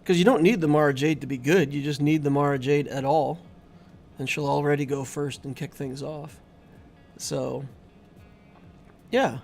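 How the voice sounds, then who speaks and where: A man's voice: on the high side, fairly even intonation, normal speed, creaky, faint music behind. Easygoing middle-aged man chatting to viewers. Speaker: gaming channel host. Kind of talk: casual live-stream commentary.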